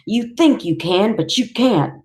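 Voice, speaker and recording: A woman's voice: mid-range voice, animated, unhurried, voice pushed up. A woman reading a cold, menacing father. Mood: cold menace. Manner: quiet, coldly condescending. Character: cold, menacing adult man, a killer father.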